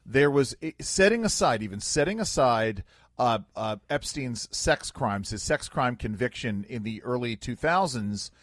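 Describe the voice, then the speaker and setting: Brief: male talk radio host, halting, full of fillers, mid-pitched, dry close studio sound. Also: animated, no echo. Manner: halting, many fillers and restarts. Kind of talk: casual talk radio chat.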